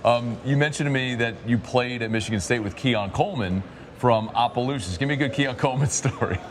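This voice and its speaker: A man's voice: mid-range voice, fairly quick. A man interviewing a player in a playful, joking way. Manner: jokey, playful. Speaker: sports interviewer. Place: busy media event. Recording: background noise.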